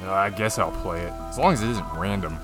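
A man's voice: sits low, fast, music in the background. A man co-hosting a board game podcast with dry, grumbling humor. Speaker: podcast co-host. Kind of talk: casual podcast chat.

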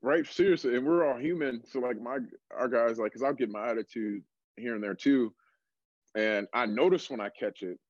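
A young adult man, a strength coach, telling stories in a relaxed casual way, full of fillers. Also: mid-range voice, moderate pace, no room sound, highs cut off. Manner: relaxed storytelling, many fillers like "like". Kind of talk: casual podcast conversation.

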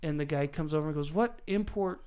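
Laughing, animated family dad telling stories. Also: male voice, fairly high pitch, brisk, clean tone. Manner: animated storyteller, laughs often, does voices for quoted people. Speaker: father, podcast host. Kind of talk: casual family chat.

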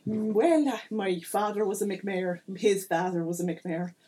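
A woman voicing a pushy, chatty male small-town mayor with a deliberately bad put-on accent. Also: medium pitch, dark tone, lightly acted.

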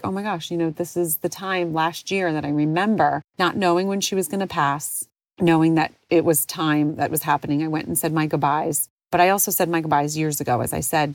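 Woman, forties, low voice, tender, heartfelt, emotional, reflective podcast monologue, dry close recording. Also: dry recording. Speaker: podcast host.

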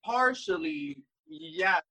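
A man with a bright, husky voice talks through his doubts in a relaxed interview. He rambles a little, restarts his sentences and leans on fillers. His tone stays reflective and candid. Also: high-pitched, drawn-out words, poor audio. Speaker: interview guest, drag performer. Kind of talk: casual interview chat.

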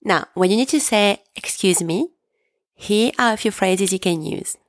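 A woman teaching a language lesson, speaking patiently and deliberately and pausing so learners can repeat each phrase. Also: mid-range voice, no echo, clean studio sound. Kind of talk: slow, clear language lesson with repeat-after-me drills.

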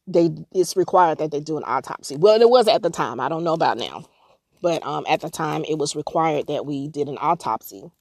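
Low-voiced middle-aged woman sharing candidly. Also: dry recording, studio quality. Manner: candid, conversational, animated bursts when recalling anger. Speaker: podcast host. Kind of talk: personal storytelling podcast.

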